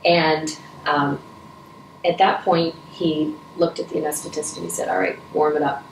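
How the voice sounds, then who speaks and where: A woman's voice: low-pitched, flat delivery, moderate pace. A middle-aged woman answering interview questions, earnest and emotional, with many restarts and moments where she chokes up. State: choked up at times. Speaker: interview guest, Rotary vice president. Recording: echoey room, from a distance, faint noise.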